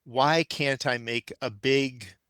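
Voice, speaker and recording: A man's voice: mid-range voice, takes it slowly, fairly bright tone, dry recording. An older man, a gardening expert and guest on a podcast, talking thoughtfully and with firm opinions. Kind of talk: casual conversation.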